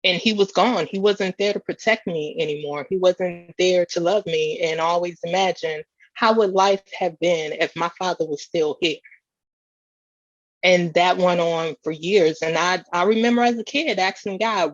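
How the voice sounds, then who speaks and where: A woman's voice: lowish voice, normal speed, no echo, highs cut off. Earnest woman giving testimony talk. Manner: earnest, repetitive emphasis. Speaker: keynote speaker.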